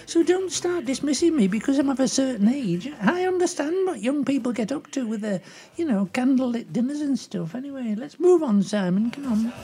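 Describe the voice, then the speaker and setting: A woman's voice: high-pitched, lively intonation, brisk, warm tone, breathy edge, heavily acted. A woman playing a gossipy older woman agony aunt in a comedy sketch, rambling with lots of asides. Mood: chatty. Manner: rambling, full of "you know" and asides.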